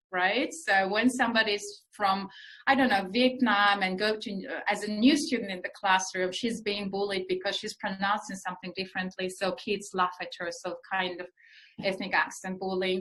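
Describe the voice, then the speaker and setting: A woman researcher answering interview questions in an earnest, explanatory way, pausing often with fillers as she thinks. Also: mid-range voice, fairly bright tone, rough recording. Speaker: researcher guest.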